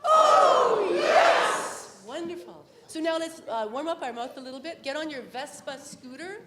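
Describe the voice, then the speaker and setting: A woman leading a congregation through playful vocal warm-ups, with encouraging cues and sung exercises. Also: high voice, a little fast, crowd noise. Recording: echoey hall with loud instrument.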